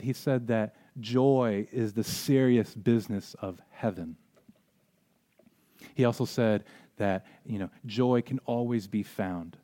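A man preaching a sermon as pastor, earnest, often repeating words and rising in pitch and volume when he stresses a point, then closing in prayer. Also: dark tone.

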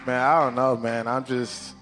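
A man preaches, openly emotional and quick to laugh. His voice sits in a middle register. Soft music plays underneath. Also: medium pitch, long reverb tail. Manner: emotional, excitable, laughs often. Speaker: pastor. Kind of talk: sermon.

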